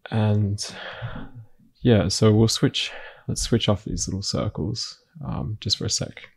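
A man teaching a painting lesson, narrating his work in a relaxed way, thinking aloud with frequent fillers and restarts. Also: fairly low pitch, slow pace, vocal fry, breathy edge. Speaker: painting instructor. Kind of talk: narrated screen-recorded art lesson.

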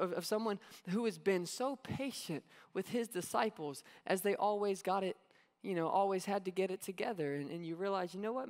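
A man preaching a sermon as pastor, conversational and storytelling, acting out quotes. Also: high-pitched. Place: church sanctuary. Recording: long hall reverb.

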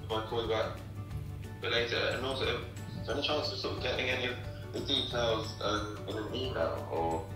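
A man's voice: medium pitch, fairly quick, very echoey, recorded from a distance, music in the background. A young man taking a phone call, groggy and hesitant, full of ums. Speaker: prank call target.

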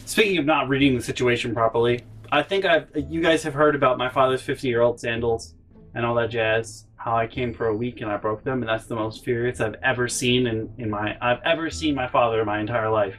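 Male storytelling host, mid-pitched voice, animated and rambling delivery with casual swearing. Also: brisk. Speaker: channel host. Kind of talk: storytime vlog.

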